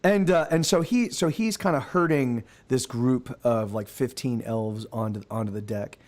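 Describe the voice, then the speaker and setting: A man's voice: medium pitch, moderate pace, a little mellow. A man working as game master, narrating a tabletop game and rambling with many restarts.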